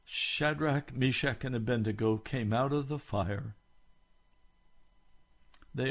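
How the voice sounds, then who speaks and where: A man's voice: medium pitch, takes it slowly, vocal fry, long pauses. A middle-aged man, a pastor, preaching a sermon with fervent rhetorical questions to his listeners.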